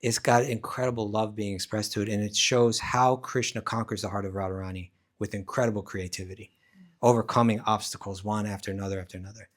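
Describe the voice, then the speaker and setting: Animated man telling a sacred story. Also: lowish voice, fast. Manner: animated, casual, acts out voices. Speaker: spiritual teacher. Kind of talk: storytelling scripture class. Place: class at a rural eco village.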